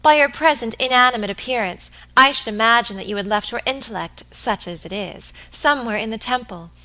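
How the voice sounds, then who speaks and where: A woman gives voice to an impatient, sharp-tongued young woman in a storybook reading. Her teasing is tart and bright. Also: fairly high pitch, fairly quick, voice pushed up, low-quality recording.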